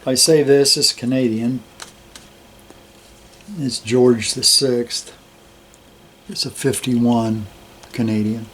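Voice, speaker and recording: An older man showing his coin collection in a slow, relaxed, admiring way, with many fillers. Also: medium pitch, slight background noise. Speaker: metal detecting hobbyist host. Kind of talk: casual show-and-tell of a coin collection.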